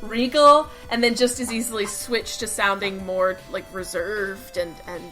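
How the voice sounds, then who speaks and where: A woman's voice: mid-range voice, steady tone, measured pace, bright, forceful tone, soft background music, rough recording. A woman co-hosting a podcast in casual chat, opinionated and talkative. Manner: opinionated, chatty. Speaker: podcast co-host.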